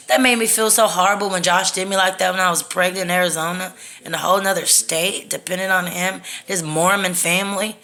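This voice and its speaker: A woman's voice: lowish voice, steady tone, fairly quick, sharp tone. A woman from Texas, telling a personal story to her phone in a candid, profane, rambling way. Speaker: storytime vlogger. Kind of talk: casual storytime monologue.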